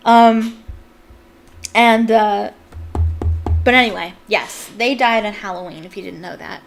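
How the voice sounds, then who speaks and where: A woman's voice: mid-range voice, a little slow, gravelly, pauses often, soft background music. A young woman reading a book aloud as a fan, with chatty, jokey asides. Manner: chatty, jokey, laughs at the text. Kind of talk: casual read-aloud with commentary.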